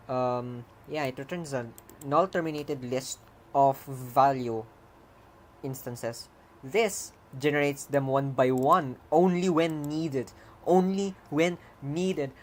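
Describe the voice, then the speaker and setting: A programmer casually walking through their own code, rambling, correcting themself, laughing often and breaking into excited cheers. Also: mid-range voice, slow pace, slight background noise. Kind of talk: casual coding stream commentary.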